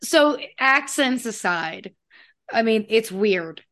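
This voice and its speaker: A woman's voice: on the high side, lively intonation, slow pace, a bit bright. A young woman co-hosting a podcast in casual chat, swearing and laughing as she talks. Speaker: podcast co-host.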